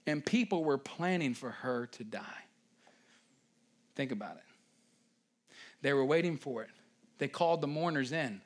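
A man preaching a sermon in a church, animated and conversational, with asides to the congregation. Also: on the high side, moderate pace, long pauses.

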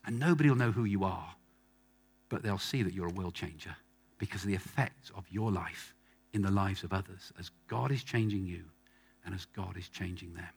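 A man with a deep, gravelly, slightly rough voice preaches fairly quickly to a live congregation in a church hall. He's emphatic and likes repeating phrases for effect.

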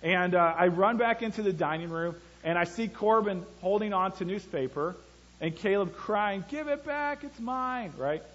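A husky, slightly high-voiced man preaching to his congregation. He talks in a relaxed way, weaving stories about his own kids into the sermon. The recording sounds dull and lo-fi. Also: moderate pace. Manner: conversational preaching with personal family stories. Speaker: pastor.

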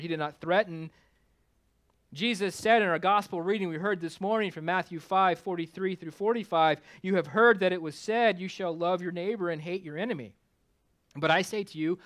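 A male pastor preaching a conversational sermon with self-deprecating humor, climbing louder for emphasis and dropping low for asides. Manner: rises in pitch and volume for emphasis, drops low for asides.

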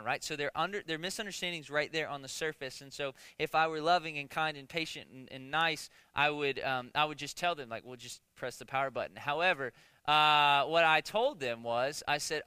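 A man's voice: fairly high pitch, normal speed, pushed and bright, clean tone, no room sound. A man preaching a conversational sermon as pastor, joking with the congregation, stumbling into restarts and often asking "right?". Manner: conversational, jokey, many restarts and rhetorical "right?".

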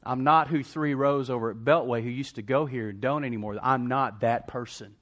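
A man's voice: medium pitch, brisk, a bit bright. A man preaching a sermon, emphatically repeating declarations and calling for responses from the congregation. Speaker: pastor.

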